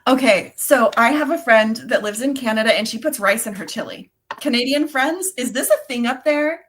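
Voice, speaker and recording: A woman co-hosts a late-night craft stream in easygoing chat, reading out viewer comments and laughing often. Her voice sits fairly high. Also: moderate pace, a bit bright, a little hiss or hum. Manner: chatty, laughs often between remarks. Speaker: co-host of a beading livestream.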